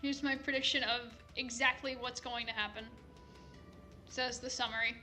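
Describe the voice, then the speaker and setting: A young woman reads fanfiction aloud for laughs. She rambles, swears and cuts herself off mid-thought. Her voice is high and bright, with faint music behind it. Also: steady tone, normal speed. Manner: rambling, swearing, self-interrupting. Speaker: fanfic reader. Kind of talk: casual comedic reading.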